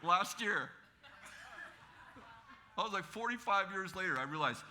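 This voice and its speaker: A man in his fifties with an American accent, a pastor telling a story in a sermon, animated and laughing as he acts out the other people in it. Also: sits high, unhurried, pauses often, noisy background. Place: church sanctuary.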